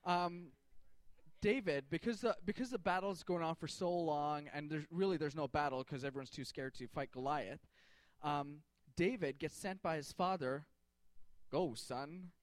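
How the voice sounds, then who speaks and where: A man's voice: fairly high pitch, normal speed, no echo. A man in a casual, jokey storytelling sermon, talking to a group with slang and fillers.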